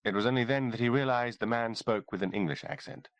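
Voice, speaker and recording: A man narrating a horror audiobook in a dramatic, expressive reading. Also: mid-range voice, quick pace, dry recording.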